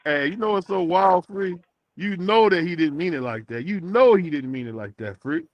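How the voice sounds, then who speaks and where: A man's voice: sits high, animated, moderate pace, no room sound, dull audio. A man co-hosting a casual boxing podcast, teasing and bantering with his co-hosts. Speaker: podcast co-host.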